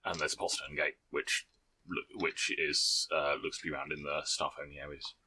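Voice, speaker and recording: A man's voice: a bass voice, level tone, normal speed, bright, forceful tone, husky. A man narrating as game master in a tabletop game, laughing often and rambling with restarts. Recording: faint background noise.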